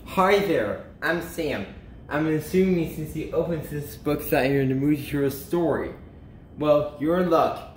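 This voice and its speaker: A man reads a children's picture book aloud, slowing down and lifting his voice for emphasis. His voice sits a little high for a man. The recording is echoey with a faint hiss behind it. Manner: animated, slows and lifts pitch for emphasis and character lines. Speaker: storybook reader. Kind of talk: children's storybook read-aloud.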